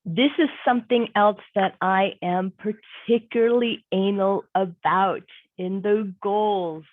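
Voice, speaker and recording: A woman career coach leads an online workshop in a relaxed, conversational way. She leans hard on her main points and repeats them for weight. Her voice comes through a narrow, tinny line, like a phone or a video call. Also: medium pitch, slow pace.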